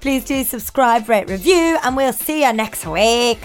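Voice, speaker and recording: A woman's voice: a little high, lively intonation, a little slow, soft background music. A woman co-hosting a casual podcast, talking bluntly and frankly between laughs. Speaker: podcast co-host. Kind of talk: casual chat.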